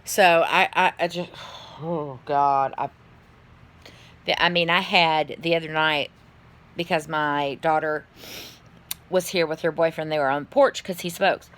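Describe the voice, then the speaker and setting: A woman's voice: sits low, steady tone, unhurried, long pauses, fairly bright tone. A tired middle-aged woman, chatting casually to her phone camera in a rambling way, yawning and swearing now and then. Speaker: vlogger.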